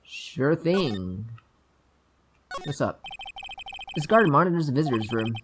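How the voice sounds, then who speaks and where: A woman's voice: low voice, expressive, fairly quick. A woman voicing her own dry, offhand asides while playing through a story game. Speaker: gaming youtuber. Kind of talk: let's play commentary.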